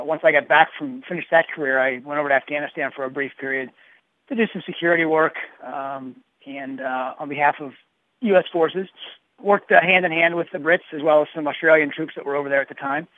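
Man in his fifties, phone guest, halting and upbeat, somewhat high voice, tinny line. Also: no room sound. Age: 50s. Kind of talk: casual phone interview.

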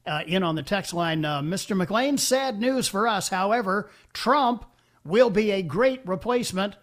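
A man's voice: high-pitched, expressive. Older male talk radio host, folksy. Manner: folksy, halting, with many fillers and restarts. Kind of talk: radio call-in show hosting. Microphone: studio microphone.

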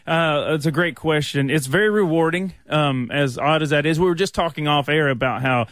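A man's voice: a little high, brisk, fairly bright tone, no room sound. A man in his thirties from Louisiana with a Southern US accent, chatting easily in a radio studio interview as a rodeo entertainer. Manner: easygoing, chatty with frequent fillers. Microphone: studio microphone.

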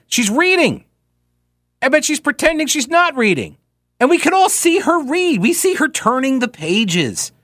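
A man hosting a talk radio show, reading listener mail aloud and answering it in a sarcastic, mocking, animated way. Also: high voice, no room sound, studio quality.

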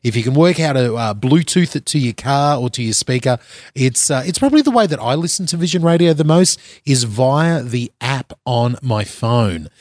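A man's voice: medium pitch, lively intonation, normal speed, a little mellow, dry recording, clean studio sound. A man with an Australian accent hosting a live breakfast radio show from a conference floor, chatty and upbeat with frequent fillers. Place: side hall at a conference venue.

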